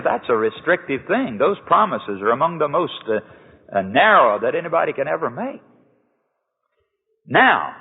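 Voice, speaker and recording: Earnest preacher in an echoey hall. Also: male voice, on the high side. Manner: earnest, conversational preaching with rhetorical questions. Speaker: pastor. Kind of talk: sermon. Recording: echoey hall over a tinny lo-fi line.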